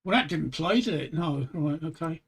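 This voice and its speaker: Male streamer, high-pitched and halting, telling jokes at home. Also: expressive, slightly rough. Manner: hesitant, stammers and repeats words. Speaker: host. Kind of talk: casual livestream chat telling jokes.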